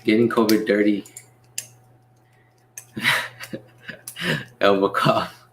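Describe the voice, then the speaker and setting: A young man hosting a casual livestream Q&A, reading chat messages aloud and answering in a relaxed way with frequent laughs. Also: fairly high pitch, slow, long pauses. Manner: laid-back, reads chat aloud, laughs often. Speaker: livestream host and delivery driver.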